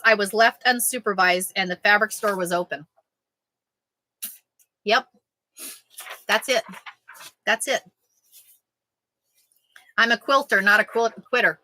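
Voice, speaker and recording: Bright, chatty woman quilter. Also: on the high side, no room sound, rough recording. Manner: chatty, jokey, reads out sayings and answers viewers. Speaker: quilting vlogger. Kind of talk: casual live chat.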